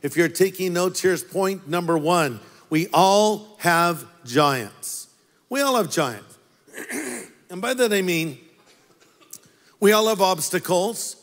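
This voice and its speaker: A male pastor with a high voice delivers a storytelling sermon, tossing playful asides to his congregation. His voice rings with a long hall reverb, as if he were in a large church auditorium. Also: animated, unhurried, long pauses.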